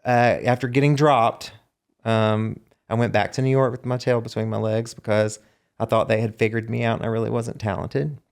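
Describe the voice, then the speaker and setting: A mid-range, creaky voice at a moderate pace belongs to a man with a Southern US accent. He's a singer-songwriter guest in a relaxed interview, rambling through long stories with plenty of fillers and lots of animation.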